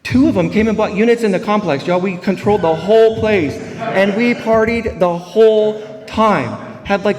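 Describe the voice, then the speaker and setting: A man's voice: high-pitched, darkish tone, big-room sound. A man, giving a rambling, humorous personal recovery talk at a meeting. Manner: humorous, rambling storyteller with many fillers. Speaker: AA meeting speaker.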